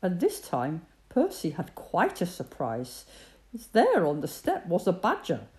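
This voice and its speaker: A woman reading a children's story aloud in an expressive, sing-song way. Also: lowish voice, a little slow.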